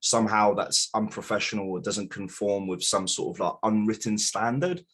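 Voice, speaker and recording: A man's voice: lowish voice, normal speed, a bit bright, breathy edge. A man who works in sales, talking about his work in a reflective way with some hesitations as a guest. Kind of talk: casual interview chat.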